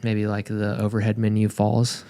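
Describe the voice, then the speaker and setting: Man, hoarse, low gravelly voice, laid-back rambling podcast chat. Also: completely flat delivery, moderate pace, mellow. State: losing his voice. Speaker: podcast co-host. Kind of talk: casual chat.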